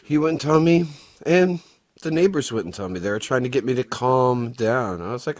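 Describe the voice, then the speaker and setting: A man's voice: mid-range voice, lively intonation, moderate pace. A middle-aged man recounting a confrontation in a personal vlog, agitated and swearing often as he retells it. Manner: agitated, profane storytelling. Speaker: vlogger.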